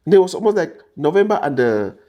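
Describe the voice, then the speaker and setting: A man's voice: a little high, very animated, fast talker, dull audio. A man from Cameroon with a Cameroonian English accent, telling his story as an interview guest and acting out the people he quotes. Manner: acts out the people he quotes, shifting voice up and down. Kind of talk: animated storytelling.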